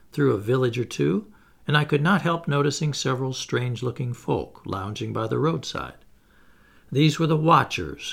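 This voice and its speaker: A man reading a classic novel aloud as scripted audiobook narration, in an expressive storytelling manner. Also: creaky. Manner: lively, expressive reading with animated pitch. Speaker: audiobook reader.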